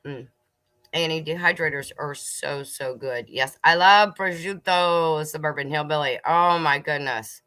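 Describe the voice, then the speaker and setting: In no hurry, a middle-aged woman chats casually from her kitchen during a homestead livestream. She has a lowish voice with a bright, forward quality, and she laughs and eats snacks as she talks to viewers.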